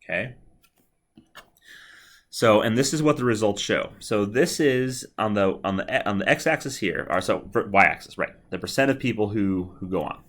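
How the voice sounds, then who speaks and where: Low-voiced male lecturer, conversational. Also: normal speed, a bit bright. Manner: conversational, repeats phrases, frequent "all right" check-ins. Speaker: psychology lecturer. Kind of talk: recorded video lecture.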